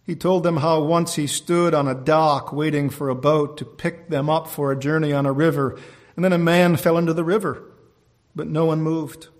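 Man, preacher, sermon, fairly high voice, impassioned, storytelling. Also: steady tone, normal speed. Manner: storytelling with loud impassioned exclamations.

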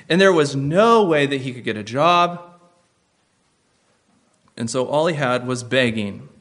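This sermon comes from a pastor with a slightly high male voice. He preaches emphatically, repeating key phrases while moving from hushed tones to loud ones.

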